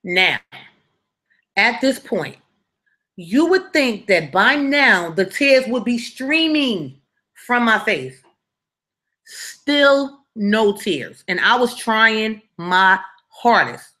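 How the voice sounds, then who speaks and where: Young adult woman, casual storyteller; bright, forceful tone with a slangy, chatty delivery. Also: fairly high pitch. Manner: slangy, conversational, asks listeners if they follow.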